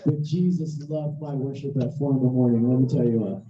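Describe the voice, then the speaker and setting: Hoarse preacher telling an animated story. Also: fairly quick. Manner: animated, acting out dialogue with big pitch jumps. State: hoarse, voice worn out. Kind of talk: storytelling sermon. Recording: roomy, distant, dull sound.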